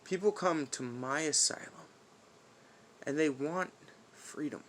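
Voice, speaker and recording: High, tense-voiced menacing wrestling heel. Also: male voice, slow pace, a little hiss or hum. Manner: menacing and taunting, swings from shouting to hushed whispers; profane trash talk. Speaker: wrestling persona cutting a promo. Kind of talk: in-character wrestling promo.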